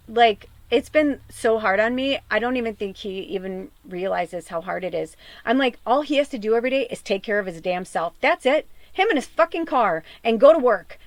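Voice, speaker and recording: A woman's voice: on the high side, no room sound. A woman podcast host and medium venting in a raw, tearful personal monologue, swearing often.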